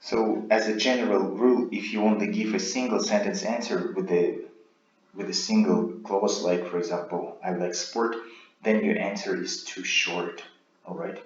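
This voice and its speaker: A man giving a recorded speaking lesson as a teacher, explaining in a measured way and checking in with "right?". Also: on the low side, fairly even intonation. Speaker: IELTS teacher. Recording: roomy, dull lo-fi sound.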